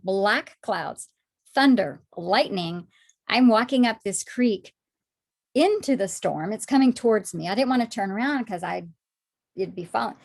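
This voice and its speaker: A woman sharing her personal faith testimony in conversation, animated when acting out past moments, soft and low when reflecting. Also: vocal fry. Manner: animated storytelling, acts out her own past words.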